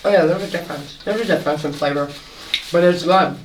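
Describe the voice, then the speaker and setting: A lively woman tells a story over a meal, acting out what everyone said. Her voice sits fairly low and reaches the mic from across an echoey room, with steady noise behind her. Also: fast, distant mic. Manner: lively storyteller, acts out dialogue. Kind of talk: casual chat while eating. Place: home kitchen at a meal.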